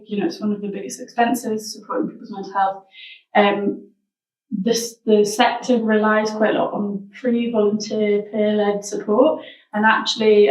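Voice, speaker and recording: A woman being interviewed about her wellbeing social enterprise, talking reflectively and searching for her words. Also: medium pitch. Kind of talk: casual interview chat. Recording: roomy sound, mic at a distance.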